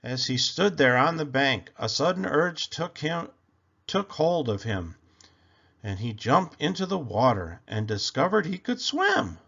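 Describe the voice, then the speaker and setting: A man reading a children's picture book aloud with slow, animated storytelling. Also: fairly high pitch, vocal fry, dull audio.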